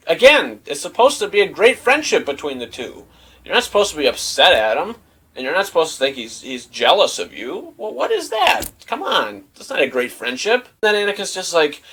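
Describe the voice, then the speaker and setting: A young man casually reviewing a movie, retelling scenes in a rambling, animated way with lots of fillers. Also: a little high, a little fast, breathy edge, rough recording.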